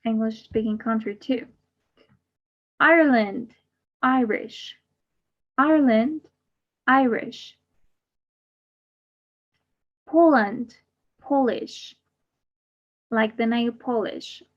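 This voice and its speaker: A woman teaching an English class online, slowly repeating each word twice in a drilled, deliberate way. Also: on the high side. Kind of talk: slow drilled pronunciation lesson. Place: online class, speaking to a camera. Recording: slightly dull lo-fi audio.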